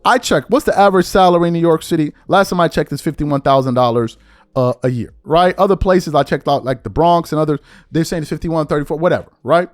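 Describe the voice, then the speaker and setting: A man's voice: fairly high pitch, fast talker. A man hosting a podcast, delivering an exasperated opinion rant full of repeated rhetorical questions. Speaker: podcast host.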